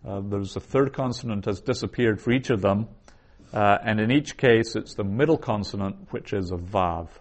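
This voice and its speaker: A man teaching a recorded language lesson, saying each word twice and then explaining it. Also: lowish voice. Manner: slow, repeats each word twice before glossing it. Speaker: Hebrew teacher.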